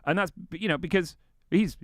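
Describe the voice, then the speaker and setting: A man, a comedian guest, telling stories in a casual chat and jumping into high voices when he quotes people. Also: moderate pace, no echo, studio quality. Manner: animated storyteller, jumps into high voices for quotes.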